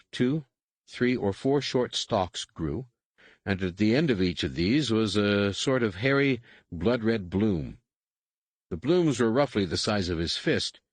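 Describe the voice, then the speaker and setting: A man reads a science-fiction audiobook in a measured, even storytelling manner. His voice sits low, and the studio recording is close and dry with no room sound. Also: no echo. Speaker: audiobook narrator. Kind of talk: scripted narration.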